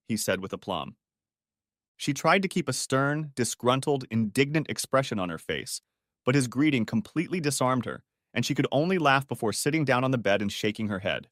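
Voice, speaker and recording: A man narrating an audiobook story in an expressive, animated way. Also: fairly low pitch, a little fast, no room sound, studio quality.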